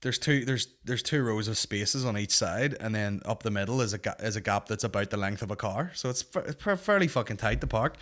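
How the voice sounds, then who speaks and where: A man's voice: on the low side, lively intonation, a little fast, hardly any pauses, fairly bright tone. A young Northern Irish man hosting a comedy podcast, telling a rambling, sweary anecdote in casual chat. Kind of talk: casual storytelling.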